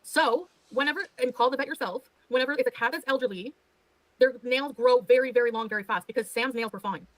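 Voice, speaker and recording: A high-voiced woman pours out a defensive livestream rant, clipped and exasperated, with frequent swearing. She talks quickly, and the sound is dry and close, with no room around her. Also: fairly bright tone, no room sound, rough recording. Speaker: livestreamer being reacted to.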